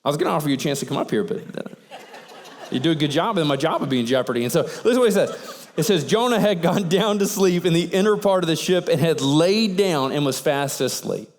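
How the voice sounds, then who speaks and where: A man preaching a sermon, telling the story in an animated way and acting out the sailors' lines. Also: a little high, quick pace, long reverb tail, slight background noise. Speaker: pastor.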